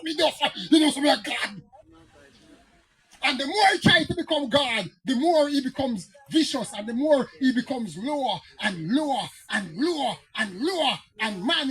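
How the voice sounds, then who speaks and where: A man's voice: very high-pitched, pushed and bright, slightly rough, rough recording. A man with a Jamaican accent, preaching as a pastor and telling stories that climb into fiery, emphatic outbursts. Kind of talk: preaching Bible teaching.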